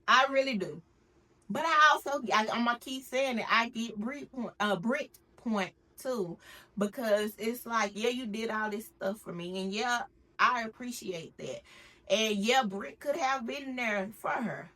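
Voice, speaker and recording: A woman's voice: on the high side, takes it slowly. A woman chatting casually and with opinions while recapping reality TV at home, cooking in her kitchen. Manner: chatty, animated, slangy and opinionated. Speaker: recap vlogger.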